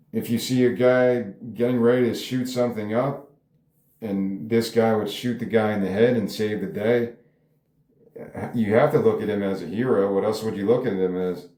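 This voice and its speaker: Low, mellow man musing in an echoey room. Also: steady tone, moderate pace. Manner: rambling, musing aloud with frequent hedges. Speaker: screenwriter discussing his script. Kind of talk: casual solo commentary.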